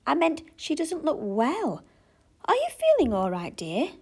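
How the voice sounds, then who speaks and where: A man's voice: very high-pitched, wildly swooping pitch, a little slow, creaky, darkish tone, voice pushed up, exaggerated voice. A woman reading the part of a cheerful, commanding dad who takes charge of his children in a storybook. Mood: kindly. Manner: hearty, commanding. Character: cheerful bossy dad organising his kids.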